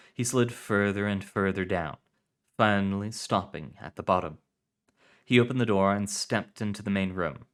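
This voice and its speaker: Deep-voiced man reading fiction aloud. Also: a bit bright. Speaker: story reader. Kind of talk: scripted fiction narration.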